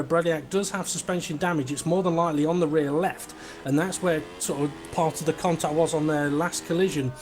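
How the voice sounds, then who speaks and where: A man's voice: fairly high pitch, darkish tone. A young man co-commentating a sim race, chatty, joking and enthusiastic.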